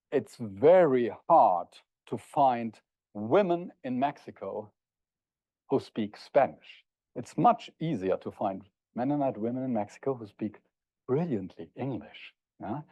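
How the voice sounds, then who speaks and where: A middle-aged man lecturing at an academic conference, pausing to hesitate and often checking in with the audience with "yeah?". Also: medium pitch, dry recording. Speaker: university lecturer. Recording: dull, dry lo-fi recording.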